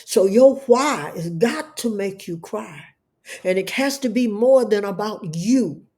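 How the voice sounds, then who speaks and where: A middle-aged woman, an entrepreneur appearing as an interview guest, gives an emotional testimony in a fervent, preacher-like style, often repeating words. Her medium-pitched voice is slightly mellow, with lively intonation and a measured pace.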